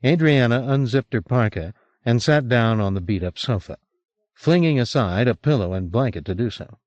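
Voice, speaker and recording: A man's voice: lively intonation, moderate pace, darkish tone, no room sound, dull audio. A man narrating a novel as an audiobook reader, recorded on an old cassette. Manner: voices each character with raised pitch. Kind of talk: audiobook reading.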